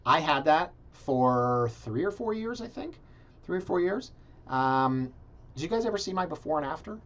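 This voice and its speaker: A man hosting a casual video, reviewing condo listings in a sarcastic, animated way and talking straight to his viewers. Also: on the high side, normal speed. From Canada. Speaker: realtor and video blog host. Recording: slightly dull, lo-fi sound.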